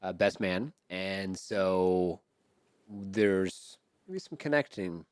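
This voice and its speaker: Deep-voiced enthusiastic male podcast host. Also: very slow, dry recording, clean studio sound. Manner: enthusiastic, chatty, bursts of excitement. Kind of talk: casual interview chat.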